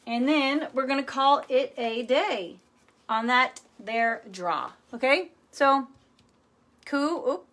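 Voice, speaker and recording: A woman's voice: sits high, expressive, slow, fairly bright tone. A woman hosting a live furniture painting demonstration, chatty and playful as she talks viewers through each step.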